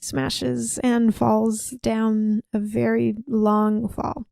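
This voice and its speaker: A woman's voice: fairly high pitch, level tone, drawn-out words, gravelly, mellow, no room sound. A young woman co-hosting a podcast, casually retelling a story and acting out the quotes as she goes. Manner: breezy storyteller, acts out quotes. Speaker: podcast co-host recapping a film. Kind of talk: casual chat, retelling a plot.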